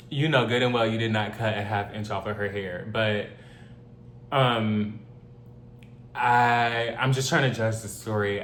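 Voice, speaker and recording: A man reading a story aloud and reacting to it in casual commentary, blunt and opinionated with joking asides. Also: mid-range voice. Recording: roomy echo, faint hum.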